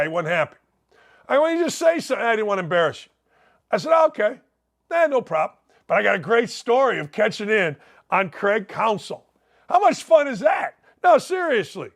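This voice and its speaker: A sports talk radio host from Indiana, USA, delivers an animated storytelling monologue in a high voice. He is loud, brash and fast-talking, tossing in jokey asides.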